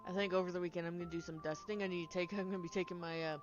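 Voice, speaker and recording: A woman streaming a video game, chatting casually and excitably, laughing often and trailing off mid-sentence, with a sniffly nose. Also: on the low side, rapid-fire. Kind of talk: casual gameplay stream chat. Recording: slightly dull lo-fi sound with faint game music.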